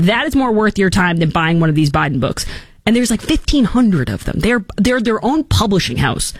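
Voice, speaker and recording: A woman's voice: mid-range voice, big pitch swings, a little fast, no echo. A woman hosting a talk show, giving sarcastic, emphatic political opinions. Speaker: talk radio host.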